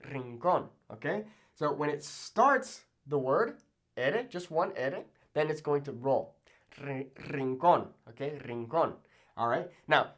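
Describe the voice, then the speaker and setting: Lively young man teaching Spanish sounds. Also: fairly high pitch. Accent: Mexican Spanish. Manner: animated, checks in with frequent "okay?". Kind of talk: casual video lesson.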